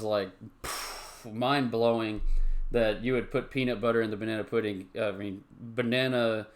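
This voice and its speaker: Male live-stream host, chatty ranter, loose and repetitive. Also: fairly low pitch. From Tennessee. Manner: chatty, ranting, repeats himself. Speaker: show host. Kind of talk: live-stream chat show.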